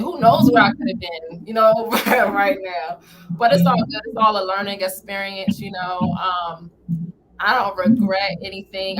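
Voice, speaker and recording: A woman's voice: medium pitch, low-quality recording. A woman guest on a talk show, a comedian chatting informally and laughing often. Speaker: guest, comedian and entertainment founder. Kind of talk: casual interview chat.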